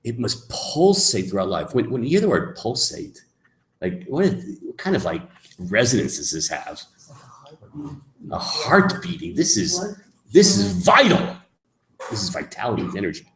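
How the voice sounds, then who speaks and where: A man teaching as a rabbi in a lecture, emphatic, moving between soft asides and loud, stressed points. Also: on the low side, wildly swooping pitch, normal speed, a little hiss or hum. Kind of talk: lecture on Jewish mysticism. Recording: echoey room.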